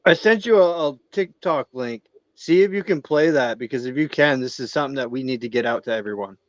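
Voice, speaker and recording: A man's voice: medium pitch, brisk, dull audio. A man co-hosting a casual livestream chat, easygoing and chatty. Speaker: livestream co-host.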